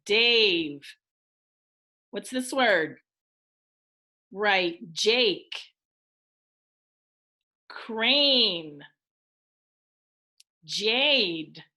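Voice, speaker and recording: A woman teacher giving a recorded phonics lesson to young children, speaking in an encouraging way and enunciating each word clearly. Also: medium pitch, pushed and bright. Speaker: elementary school teacher.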